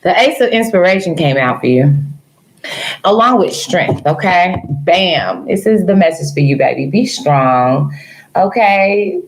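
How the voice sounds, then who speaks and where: Teasing, animated woman tarot reader. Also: fairly low pitch, measured pace, slight background noise, low-quality recording. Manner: animated, teasing, calls viewers girl and baby; laughs often, jokes then turns earnest. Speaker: tarot reader livestreaming to viewers. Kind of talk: casual live-stream advice chat.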